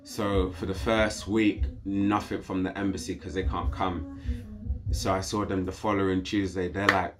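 A man with a British accent, a podcast guest telling a story in casual conversation, slangy and animated. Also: low-pitched, normal speed, over music. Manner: animated, slangy, acts out quoted voices.

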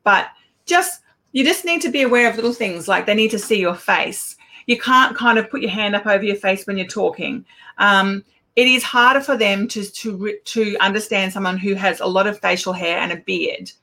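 A middle-aged woman, an Auslan educator giving a casual talk with lively anecdotes and acted-out exchanges. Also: medium pitch, normal speed. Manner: animated storyteller, acts out quoted exchanges.

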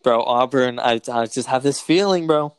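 A young man co-hosting a podcast, chatting casually and excitedly about a basketball game, slangy and swearing freely. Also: mid-range voice, normal speed, smooth, no echo. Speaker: podcast co-host. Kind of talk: casual sports chat.

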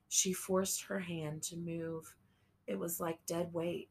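A woman reading a novel aloud as an audiobook narrator, slow and measured. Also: lowish voice, little pitch movement, creaky, slight background noise. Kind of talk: scripted narration.

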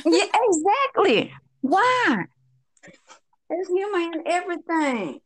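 A woman in casual chat, giggling and reacting with drawn-out remarks. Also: very high-pitched, sing-song, no room sound.

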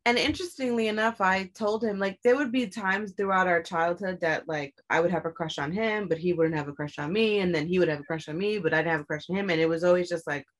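A young woman with a slightly low voice recounts a painful story from her past in relaxed conversation. She swears freely and shoots her pitch up whenever she acts out what she said back then. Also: quick pace, hardly any pauses. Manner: candid and profane, acts out her own quoted lines with sharp rises in pitch. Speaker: guest telling her story.

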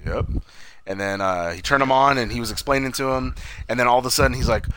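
A man's voice: mid-range voice, quick pace, fairly bright tone, slight background noise. A man co-hosting a casual movie review chat, loosely retelling scenes, swearing often and acting out quotes. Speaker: podcast co-host.

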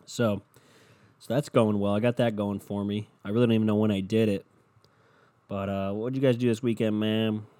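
Brief: young male podcast host, profane rambler, lowish pitch, soft dark tone. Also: level tone, normal speed. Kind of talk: casual solo monologue. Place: at home in bed with his dog. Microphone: home podcast mic.

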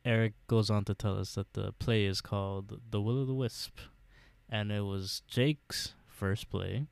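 A man co-hosting a podcast, recapping a TV episode in a casual, halting way with lots of fillers and restarts. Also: fairly low pitch, steady tone, gravelly, a little mellow, clean tone, dry recording. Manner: hesitant, many fillers, laughs often. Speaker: podcast co-host.

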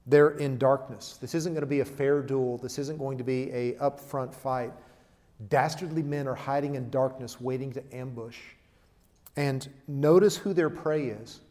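A man preaching a sermon, emphatic, swinging between loud declarations and quiet asides. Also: on the high side. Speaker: pastor. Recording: long hall reverb.

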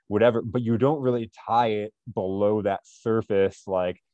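A man co-hosts a casual podcast, his voice sitting low. He tells stories earnestly and builds toward motivational points. The sound is dry and slightly dull. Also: fairly even intonation, normal speed, few pauses, warm tone, dry recording. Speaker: podcast co-host.

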